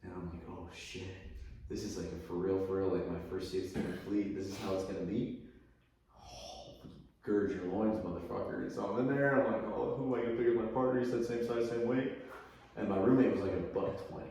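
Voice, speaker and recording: A man, a podcast guest, telling a profane story in casual chat, acting out quotes loudly and animatedly. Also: sits low, fairly even intonation, a little fast. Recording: very echoey room, far from mic, faint noise.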